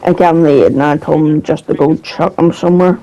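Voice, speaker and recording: A man's voice: a little high, steady tone, a little fast, warm tone, lo-fi sound. A man telling a story about his past in a casual, rambling way, hesitant and swearing now and then.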